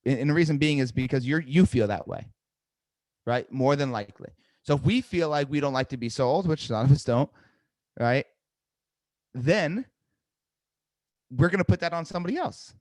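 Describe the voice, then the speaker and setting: A man's voice: fairly high pitch, animated, moderate pace, long pauses, darkish tone, no echo, studio quality. A middle-aged man coaching salespeople in a live webinar, talking directly and energetically and often checking in with "right?". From New Jersey. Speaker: sales trainer.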